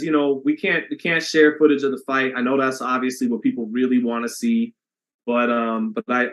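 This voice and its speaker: A man's voice: mid-range voice, a bit bright. A man hosting a boxing live stream, chatting casually with viewers and reading their comments aloud, with some swearing.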